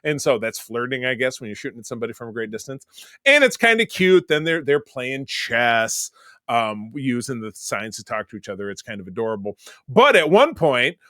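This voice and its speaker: A man co-hosting a podcast in casual chat, rambling and animated, with lots of fillers and restarts. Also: medium pitch, brisk, no echo, clean studio sound. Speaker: podcast co-host.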